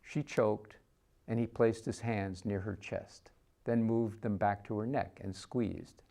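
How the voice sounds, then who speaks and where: Slow, measured male story reader. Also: on the low side, fairly even intonation, creaky, mellow. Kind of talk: literary story reading.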